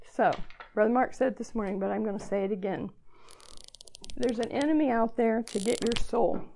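A woman's voice: medium pitch, vocal fry, dark tone, slight background noise. An older woman over sixty giving an earnest church talk to girls, emotional at times and self-deprecating. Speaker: speaker addressing girls at church gathering. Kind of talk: sermon.

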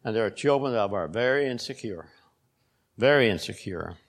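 A man's voice: on the low side, lively intonation, normal speed. An older man preaching a sermon and reading scripture aloud, earnest and repeating phrases for emphasis.

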